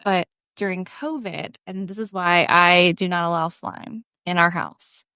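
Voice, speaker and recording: A woman co-hosting a podcast, telling a family story in an animated, casual way with lots of fillers. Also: fairly low pitch, a little slow, clean tone, dry recording, studio quality. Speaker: podcast co-host.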